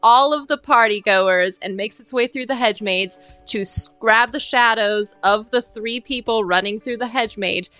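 A woman at a tabletop game, describing her character's actions with dramatic flair. Her voice is bright and crisp, with faint music underneath. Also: a little high, normal speed, hardly any pauses, poor audio. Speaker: player.

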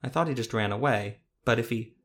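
A man's voice: mid-range voice, fairly quick, natural voice. A man voicing a tearful young village boy who pleads and begs. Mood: pleading.

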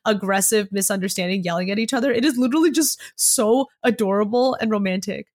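A woman co-hosting a podcast, excitedly recapping a novel in casual chat and swearing casually along the way. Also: medium pitch, quick pace. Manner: animated, excitable storyteller who swears casually. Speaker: podcast co-host.

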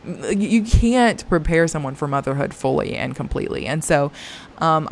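A young woman with a low, grounded voice talks candidly and earnestly to her viewers, leaning on fillers as she gathers her thoughts. A faint hum of background noise sits under her. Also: creaky, a little mellow. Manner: earnest, confiding, lots of "like" and "um". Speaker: Christian mom vlogger. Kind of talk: candid personal talk to camera.

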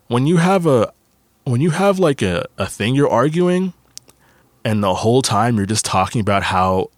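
A young man hosts his podcast in a casual, rambling monologue, swearing freely and circling back through fillers. His voice sits low with a gravelly fry. The sound is dry and close, with no room around it. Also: no room sound. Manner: rambling, profane, frequent fillers. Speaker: podcast host.

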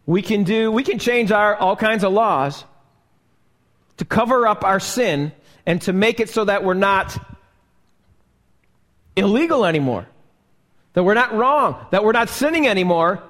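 In a live sermon, a pastor with a high, slightly bright voice speaks animatedly yet at a slow, deliberate pace, asking his congregation rhetorical questions. The church sanctuary gives his voice a long, ringing reverb.

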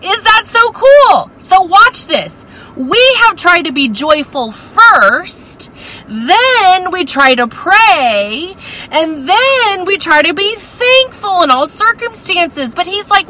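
Passionate woman Bible teacher, bright high voice, unhurried delivery. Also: very animated, a little hiss or hum, poor audio. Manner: passionate, exclamatory. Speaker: women's Bible study teacher.

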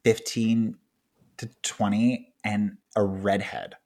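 A man co-hosting a podcast in casual film chat. His voice sits fairly low, and his delivery is wry and profane, with easy laughter. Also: little pitch movement, slow, dark tone. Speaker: podcast co-host.

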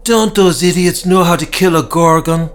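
An imperious businesswoman who commands her crew of slayers with scorn, as a man puts her on. The voice is pitched higher and louder than normal speech. It comes from a storybook reading. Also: normal speed, slight background noise, lightly acted. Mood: scornful. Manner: imperious, scornful, barking orders. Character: haughty ruthless businesswoman, demon slayer boss.

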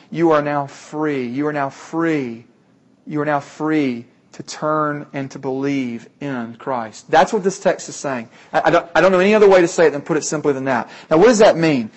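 A man preaching a sermon, earnest and emphatic, often repeating key phrases for weight. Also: on the high side.

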